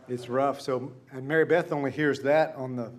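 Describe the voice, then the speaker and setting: Here a middle-aged man preaches a sermon in a steady, mid-range voice at a moderate pace. His style is conversational storytelling, shifting from hushed asides up to emphatic peaks.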